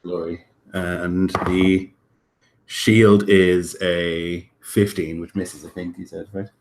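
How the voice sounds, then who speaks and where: Male player, lowish voice, casual, rules talk with fillers. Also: flat delivery, slow, a little mellow, slight background noise. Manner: explains dice rolls and actions casually. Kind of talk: tabletop game play.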